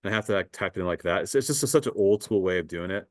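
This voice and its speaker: A man teaching a high school math class in a casual lecture, talking the students through calculator steps. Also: expressive, rapid-fire, rough recording. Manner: casual, talks to students as guys, thinks aloud with fillers.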